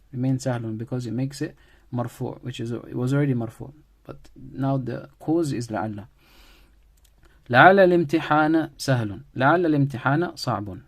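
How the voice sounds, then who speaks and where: A man teaching a grammar lesson at a middle pitch. He repeats key phrases as he goes and builds each point around everyday examples, in a patient, classroom-style delivery. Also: a little mellow.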